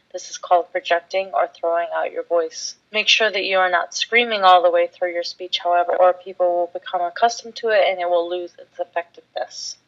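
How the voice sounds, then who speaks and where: A woman teaching public speaking in a clear, measured, scripted way. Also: lowish voice, dull audio. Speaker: instructor. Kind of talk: scripted instructional talk.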